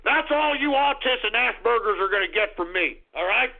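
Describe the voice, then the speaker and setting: A male talk radio host tears into his listeners with a shouting, abrasive rant. His voice sits very high with a gravelly rasp. It comes through thin and tinny, like a phone line. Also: expressive, normal speed.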